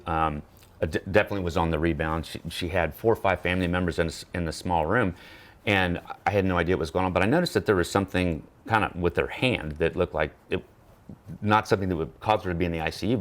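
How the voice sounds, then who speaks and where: Deep-voiced man telling animated stories. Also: fast talker. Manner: animated storyteller acting out quoted voices; frequent restarts and stammers. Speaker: therapy dog volunteer guest. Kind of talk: anecdotal interview storytelling.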